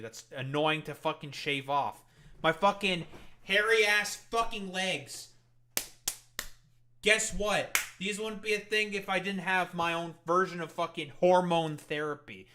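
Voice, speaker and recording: A man's voice: on the high side, bright, forceful tone. A man giving casual reaction commentary, ranting and sarcastic, swearing constantly. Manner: profane, ranting, heavy swearing; sarcastic, mocking.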